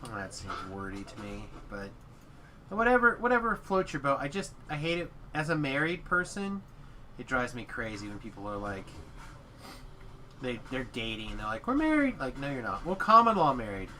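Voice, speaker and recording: A man's voice: mid-range voice, expressive, moderate pace, pushed and bright, slight background noise. A man in casual chat, teasing his friend with dry banter.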